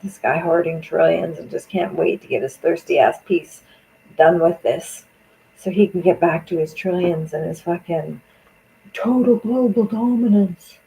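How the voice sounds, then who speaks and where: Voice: medium pitch, steady tone, moderate pace, creaky, dark tone, a little hiss or hum, poor audio. A speaker, angrily venting in a profane political monologue on a stream. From Canada.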